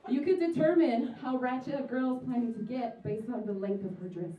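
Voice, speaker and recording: A woman's voice: on the high side, a little fast. A young woman performing a stand-up comedy set, chatty and sarcastic, acting out the people in her stories. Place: comedy venue stage. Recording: distant roomy live recording, dull sound.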